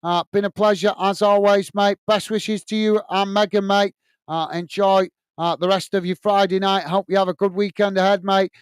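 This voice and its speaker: A man's voice: high-pitched, little pitch movement, normal speed, clear, resonant tone, dry recording, clean studio sound. An English man hosting a live football watch-along, casually reading out viewer comments and giving friendly, repetitive sign-offs with lots of fillers.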